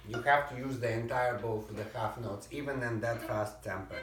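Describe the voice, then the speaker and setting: Male violin teacher, mid-pitched, barks corrections and hums rhythms; distant roomy recording with violin under him. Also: normal speed, fairly bright tone. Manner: sings rhythms and calls out commands over playing. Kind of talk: private music lesson coaching.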